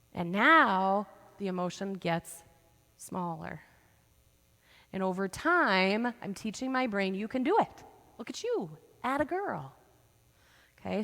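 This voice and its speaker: Woman counselor, gravelly voice, mid pitch, lively teaching talk with frequent "right?", church hall reverb. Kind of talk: church presentation.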